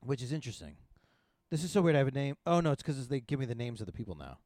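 A man's voice: mid-range voice, sing-song, rapid-fire, a little mellow, no room sound, clean studio sound. Teasing, crude man hosting. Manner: teasing and crude, with stumbling restarts. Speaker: podcast host. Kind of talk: casual chat. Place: studio room, in person.

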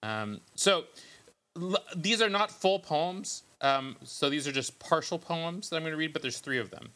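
A man's voice: fairly high pitch, expressive, normal speed, pushed and bright. A man hosting a podcast in casual, joking chat, loose and full of ums. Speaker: podcast host.

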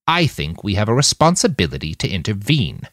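A man voicing a sharp-tongued, slightly drunk woman leader who speaks with a slur. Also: on the low side, huge pitch swings, a little fast, no room sound, clean studio sound. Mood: tipsy, sharp. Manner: snappish, slightly slurred.

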